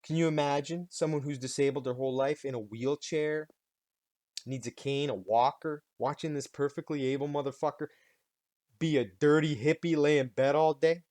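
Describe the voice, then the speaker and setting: A man's voice: fairly high pitch, steady tone, normal speed, darkish tone, no echo. A man hosting a solo podcast, ranting in a rambling, sarcastic and profane way. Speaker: podcast host.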